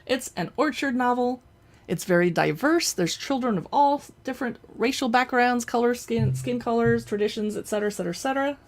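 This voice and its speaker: A woman's voice: on the high side, a little fast. Woman, chatty show-and-tell host, playful, indoor home setup. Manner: chatty, playful, talks while handling items. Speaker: host showing books and collectibles. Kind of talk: casual show-and-tell chat. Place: indoors at home in front of a backdrop.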